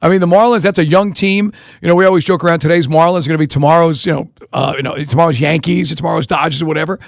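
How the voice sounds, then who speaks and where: A man hosting sports talk radio, racing through his points in a high, quick voice. He rambles and jumps between ideas with animated energy, recorded dry and close on a studio mic. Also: gravelly, no echo.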